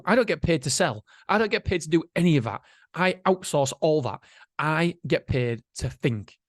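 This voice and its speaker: A man hosting a solo motivational podcast, chatty and animated, swearing casually. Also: a little high, no room sound, studio quality. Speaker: podcast host.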